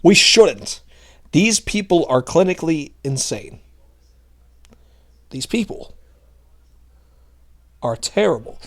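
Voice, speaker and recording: A man's voice: a little high, very animated, slow, long pauses. A male commentary host ranting in a sarcastic, heated, mocking way.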